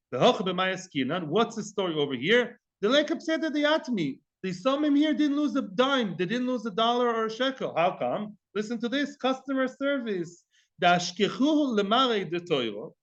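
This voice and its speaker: A man teaching a Talmud class in a lively lecture style, acting out the dialogue and mixing in Hebrew and Aramaic terms. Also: high-pitched, moderate pace, lo-fi sound.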